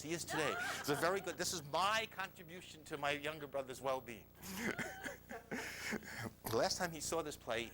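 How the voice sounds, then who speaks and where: An older man tells a personal story to a live audience. His voice is bright, and his pitch swings widely as he talks. He is self-mocking and sometimes drops to a whisper, with a faint rumble behind him.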